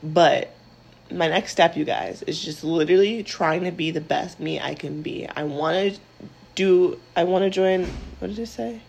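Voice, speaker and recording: A young woman with a creaky, gravelly voice hosts a casual solo podcast. She talks frankly and loosely, with lots of filler words and swearing. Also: lowish voice, moderate pace, darkish tone, poor audio. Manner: candid, chatty, swears freely, says "like" a lot. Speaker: podcast host.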